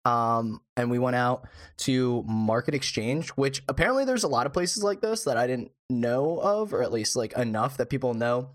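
A man's voice: mid-range voice, animated, moderate pace. A man co-hosting a casual podcast, laid-back and joking, laughing often as he talks. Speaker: podcast co-host.

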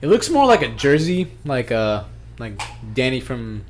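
Man, casual podcast chat, frequent swearing, quick laughs. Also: medium pitch, big pitch swings, a little hiss or hum. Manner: swears a lot, laughs often.

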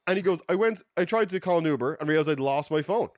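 A man with an Irish accent telling a story on a podcast in a lively, profane way, acting out the people he quotes. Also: fairly high pitch, fast talker, no echo, clean studio sound. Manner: animated, profane, quotes people in mock voices. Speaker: podcast regular. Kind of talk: casual storytelling. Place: podcast studio.

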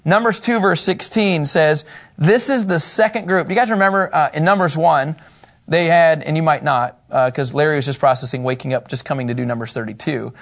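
A man with a fairly high speaking voice leads a relaxed Bible study group. He reads passages aloud and talks through them conversationally, often stopping to ask the people around him questions. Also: fairly quick, creaky. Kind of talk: casual group Bible teaching.

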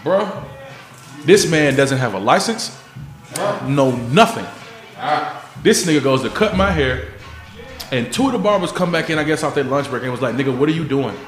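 A man telling stories in casual banter on a podcast, animated, swearing freely and acting out the people in them. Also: fairly high pitch, moderate pace, pauses often, reverberant, faint music behind.

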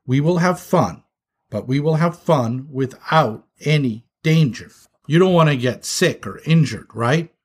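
A man's voice: on the high side, expressive, measured pace, breathy edge. A man voicing a caring big-brother skunk. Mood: coaxing. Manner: patient, turns into frantic shouting.

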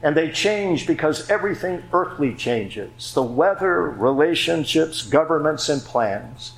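Slow, deliberate male preacher. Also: a little high, expressive, creaky, rough recording. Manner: measured, deliberate delivery with rhetorical questions. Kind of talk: sermon.

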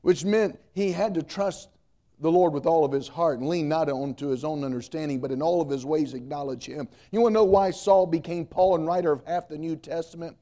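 A man's voice: a little high, fairly quick, mellow. A middle-aged man preaching a sermon as pastor, emphatic, repeating key points and mixing in humor.

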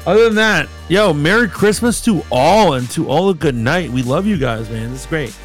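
A man's voice: a little high, lively intonation, normal speed, faint music behind. A man co-hosting a podcast, telling rambling stories in casual chat and swearing freely. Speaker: podcast co-host.

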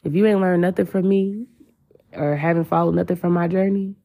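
A woman hosts a spiritual podcast in a loose, heartfelt monologue full of slang and repeated phrases. Her voice sits low and dark, with a husky edge. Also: steady tone, a little fast. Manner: casual, emotional, slangy and repetitive. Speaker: podcast host.

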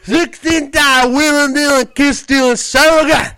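A man doing a shouting, swaggering wrestler impression with drawn-out boasts. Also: very high voice, fairly even intonation, dry recording, voice pushed up, exaggerated voice. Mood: bragging.

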